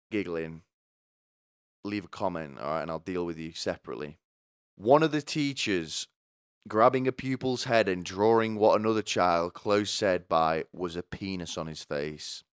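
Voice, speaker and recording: Sarcastic man, low smooth voice. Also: dry recording, studio quality. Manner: sarcastic, swearing, rambling with restarts. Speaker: commentator. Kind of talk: casual comedic commentary.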